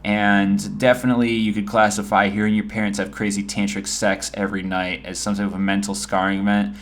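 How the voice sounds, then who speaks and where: A man's voice: lowish voice, flat delivery, a little fast. A man in his twenties giving joking, rambling advice over gameplay in a casual vlog. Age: 20s. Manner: joking, rambling, self-deprecating.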